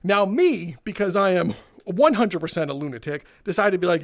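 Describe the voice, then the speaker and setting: A young man hosting a gaming video, casually telling a retail story in an animated way, laughing and swearing. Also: high voice, moderate pace. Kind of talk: casual storytelling over gameplay.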